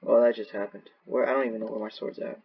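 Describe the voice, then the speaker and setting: A man doing gaming commentary, rambling to himself with profane, erratic outbursts and sudden yelling. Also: on the low side, flat delivery, quick pace, creaky, breathy edge, no room sound. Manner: rambling self-talk. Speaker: gaming channel host. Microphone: laptop mic. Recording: dull lo-fi laptop mic.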